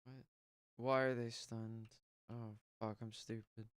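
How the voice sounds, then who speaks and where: A woman's voice: rumbling low, little pitch movement, slow pace, clean tone, no echo, studio quality. A woman streaming an online game, muttering frustrated remarks and swearing often. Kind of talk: casual gameplay commentary.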